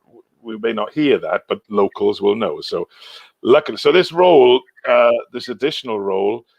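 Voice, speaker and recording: A man's voice: fairly low pitch, normal speed, gravelly, no room sound. A middle-aged man with a Welsh accent, chatting as a guest in a casual talk, hesitant with many restarts. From Wales. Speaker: guest, singer and voice actor. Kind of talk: casual chat.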